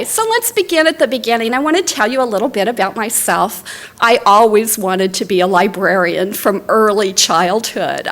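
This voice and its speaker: This middle-aged woman, a library director, gives a lecture in a lecture hall, sharing personal stories in a conversational way punctuated by fillers and restarts. Her voice is a little high and fairly bright.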